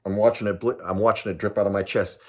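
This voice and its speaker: A man's voice: lowish voice, steady tone, fast talker, a little mellow. An older man from Southern California, a retired police sergeant, telling a story to camera in a casual way. He repeats himself and keeps dropping in "man".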